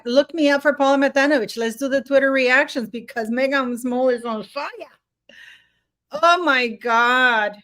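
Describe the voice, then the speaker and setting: A woman hosting her own live stream, chatting loosely to viewers in a rambling, stop-start way. Her voice sits a little high for a woman, and she breaks into laughter now and then. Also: fairly bright tone. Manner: rambling, many fillers and restarts, frequent laughter. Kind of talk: casual live stream chat.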